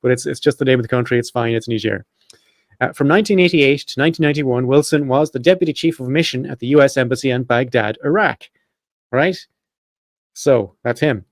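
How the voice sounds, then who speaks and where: Man, podcast host, rapid scripted delivery, dry close sound. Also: mid-range voice, no room sound. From Ireland. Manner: quick, chatty, self-correcting. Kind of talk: reading a prepared script with casual asides.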